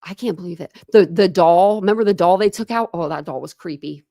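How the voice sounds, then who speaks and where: With a gravelly, warm voice pitched fairly low, a young adult American woman talks fairly quickly as she hosts a laid-back true crime live stream and replies to viewer comments. The studio-quality audio has no room sound.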